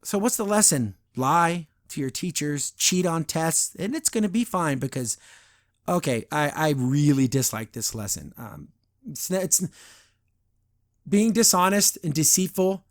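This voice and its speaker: A man's voice: a little high, animated, a little slow. A man hosting a podcast, giving a casual, blunt and critical review of a cartoon episode. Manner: retells scenes, briefly imitating characters.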